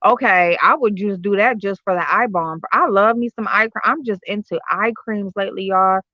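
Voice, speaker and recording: Her medium-pitched voice moves at a moderate pace as she hosts a relaxed home livestream, telling rambling, foul-mouthed stories with plenty of fillers to her viewers. Picked up by streaming software on a computer or phone, the audio has no room sound but is a bit dull and lo-fi.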